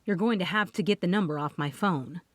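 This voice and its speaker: A woman's voice: on the low side, brisk, no echo, natural voice. A woman voicing an upset, defensive man who groans over money, in an audiobook.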